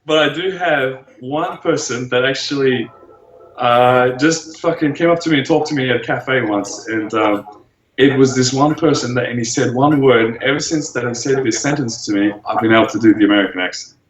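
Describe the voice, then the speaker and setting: A man's voice: medium pitch, moderate pace, reverberant, dull audio, slight background noise. A man in his twenties, a bodybuilder guest in a casual interview, laid-back and casually swearing. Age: 20s.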